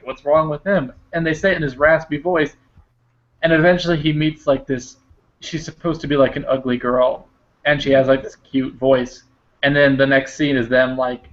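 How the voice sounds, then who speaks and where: A man chatting casually as a podcast co-host, rambling through stories and swearing offhandedly. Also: mid-range voice. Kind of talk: casual chat. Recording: dull lo-fi podcast audio.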